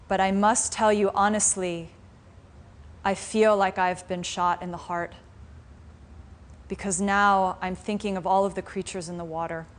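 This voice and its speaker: A woman voicing a compassionate male deer leader in a fable, speaking softly and pleadingly. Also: mid-range voice, flat delivery, a little slow, lightly acted. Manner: soft, pleading, heartfelt. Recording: faint room noise in a live class.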